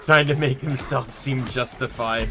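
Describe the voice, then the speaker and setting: A man's voice: mid-range voice, background noise. A man streaming a video game, chatting casually and muttering curses at enemies. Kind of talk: casual gameplay commentary.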